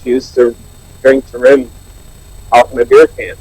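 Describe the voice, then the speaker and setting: A man's voice: medium pitch, level tone, unhurried, a little mellow, breathy edge, dry recording, low-quality recording. A man earnestly sharing his recovery story at a support meeting, with many restarts. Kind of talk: personal recovery share. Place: online meeting.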